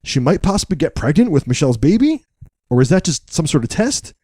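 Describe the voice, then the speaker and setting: A man co-hosting a podcast, recapping a film in a casual, wry, joking way with deadpan asides. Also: fairly high pitch, fairly quick, breathy edge, dry recording, clean studio sound.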